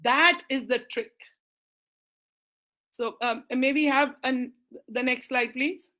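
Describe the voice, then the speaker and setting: A high-pitched, middle-aged woman speaks with an Indian English accent. She gives a public talk as a school principal, telling stories and acting out the quoted lines. She drops Hindi phrases into her English. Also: slow pace, pushed and bright.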